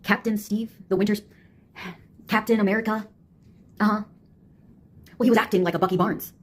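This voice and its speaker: A woman's voice: mid-range voice, fairly even intonation, normal speed. A woman with a sardonic, mocking manner, delivering a casual monologue.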